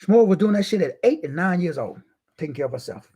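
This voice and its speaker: Husky-voiced man preaching self-worth. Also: lively intonation. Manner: preachy, drawn-out emphatic phrasing with big swings in pitch and loudness; casual informal speech with slang. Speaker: motivational speaker hosting a live stream. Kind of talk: motivational live talk.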